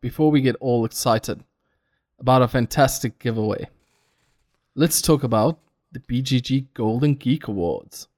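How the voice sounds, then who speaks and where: A man's voice: mid-range voice, normal speed, darkish tone. A man co-hosting a casual games podcast, talking in a matter-of-fact way. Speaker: podcast co-host.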